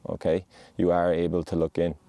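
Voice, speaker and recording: In a low, mellow voice, a podcast host on a mountain gives a sincere, comforting monologue from the heart. His delivery is completely flat and fairly quick, captured in a close, dry recording.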